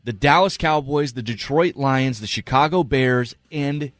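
A man's voice: mid-range voice, measured pace, a bit bright, no echo. A man co-hosting a sports talk show, giving earnest, emphatic analysis and repeating his points for stress. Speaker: sports radio co-host.

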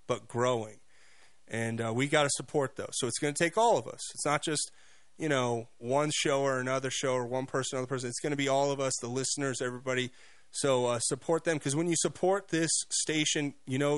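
A man's voice: mid-range voice, a bit bright, no room sound. A male radio talk show host giving a mocking, opinionated monologue with many restarts and repeated words. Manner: fast, mocking, repeats himself.

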